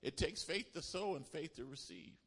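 A man's voice: very animated, moderate pace. Preaching man in a reverberant hall. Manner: swings from loud exhortation to low, quiet speech. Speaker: pastor. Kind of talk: sermon.

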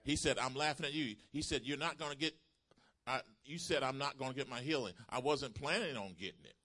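Preaching a sermon in a mid-range voice at a brisk pace, a man retells a healing testimony and builds toward loud, emphatic calls to the congregation.

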